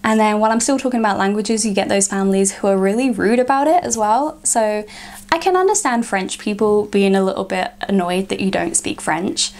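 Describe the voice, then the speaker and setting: A young woman, chatting casually to camera in a vlog and filling her sentences with "like". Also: mid-range voice. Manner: chatty, frequent "like" fillers. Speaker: vlogger.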